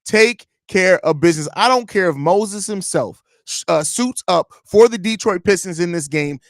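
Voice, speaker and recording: A man's voice: high voice, expressive, normal speed, no room sound, clean studio sound. A man hosting a sports pregame show, delivering a heated, profane rant with lots of repetition. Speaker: podcast host.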